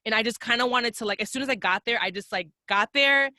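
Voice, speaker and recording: A woman's voice: a little high, quick pace, no echo. A young adult woman, a podcast guest, telling travel stories in casual, profane chat and acting out the voices she quotes. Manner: profane, animated storyteller who acts out quoted voices.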